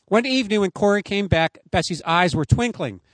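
Guy preaching a sermon outside, pretty high voice, earnest and emphatic, dry close sound. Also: expressive, fairly quick, a bit bright, dry recording. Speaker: pastor. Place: outdoors.

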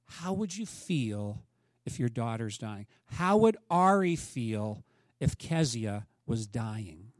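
A man preaching a sermon as a pastor, dramatically acting out the people in the story and swinging from loud urging to hushed, near-whispered lines. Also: mid-range voice, big pitch swings, takes it slowly, no echo, studio quality. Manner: dramatic, acts out voices of the story.

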